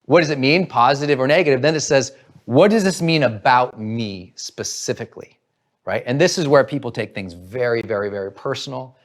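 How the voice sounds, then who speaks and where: A man's voice: medium pitch, brisk. A man giving an earnest motivational talk, coaching listeners and acting out their inner voices. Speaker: motivational speaker.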